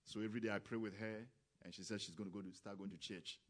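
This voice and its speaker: A man preaching a sermon, who talks with grammar, acts out quoted voices and rises to loud, emphatic exclamations. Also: lowish voice, steady tone, quick pace.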